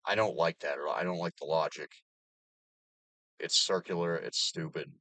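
A man in his thirties rants in a low, deep voice. He swears freely and breaks into sarcastic laughs. The sound is close and dry. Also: normal speed, sharp tone, dry recording. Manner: profane, ranting, sarcastic laughs. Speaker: vlogger. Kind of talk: casual rant to camera.

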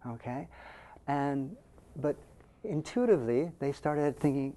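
A man's voice: mid-range voice, takes it slowly, pauses often, dark tone. A man presenting his research to a live audience in a presentation room, explaining step by step and often checking in with a questioning "okay?". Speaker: conference presenter.

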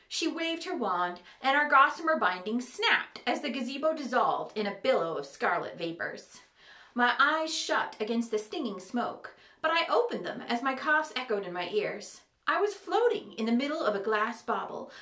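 A woman reading a fantasy story aloud, with expressive, animated storybook narration. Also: reverberant. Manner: animated, with shifting pitch for characters. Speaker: audiobook reader.

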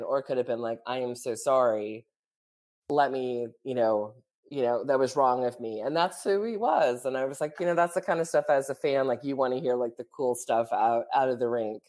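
Woman podcast co-host, very deep voice, chatty storyteller, laughs often. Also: normal speed, darkish tone. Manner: chatty, full of "like" and "you know", laughs often. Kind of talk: casual storytelling chat.

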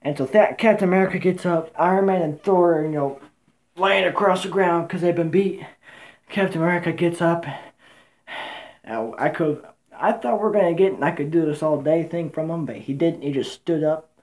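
Rambling low-voiced woman recapping a movie. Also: normal speed. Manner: rambling, excitable, swears, many fillers and restarts. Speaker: movie reviewer. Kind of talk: casual spoken movie recap.

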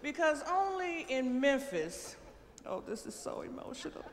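Brash older woman comic, lively voice. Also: high voice, a little slow. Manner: brash, profane, animated storytelling. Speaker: stand-up comedian. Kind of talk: stand-up comedy set. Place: large theater stage. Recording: long theater reverb, faint noise.

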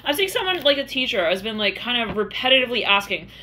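A woman's voice: fairly high pitch, sing-song, quick pace, pushed and bright, a little hiss or hum. A woman giving a channeled tarot reading, rambling in a stream-of-consciousness way and acting out the voices she quotes. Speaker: tarot reader.

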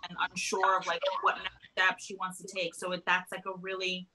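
Low flat-voiced woman over noise. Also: brisk. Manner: thoughtful, hesitant. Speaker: actor guest. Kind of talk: casual chat. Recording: noisy background.

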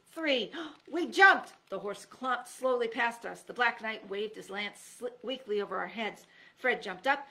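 A woman reads a children's chapter book aloud, her voice bright and edged with gravel. She gives each character a lively voice of its own and leaps up in pitch when the action peaks. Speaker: teacher reading aloud. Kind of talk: storybook read-aloud.

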